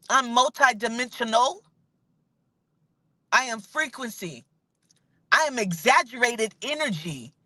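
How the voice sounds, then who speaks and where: A woman's voice: sharp tone, dry recording. A woman giving an impassioned, profane spiritual monologue, repeating and stressing her points in a preachy way. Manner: preachy, profane, repetitive and emphatic; drops to a low mutter when saying she is getting angry. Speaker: spiritual vlogger.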